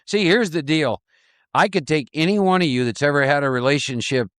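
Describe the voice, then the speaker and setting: Animated man leading a recovery workshop. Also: fairly high pitch, a little fast, clear, resonant tone, no echo, studio quality. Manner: animated, repetitive, laughing often. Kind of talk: live workshop talk.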